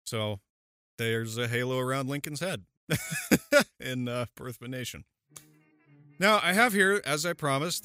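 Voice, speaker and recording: A man hosting a casual history podcast, chatty and quick to laugh, with plenty of fillers. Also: medium pitch, bright, forceful tone. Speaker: podcast host.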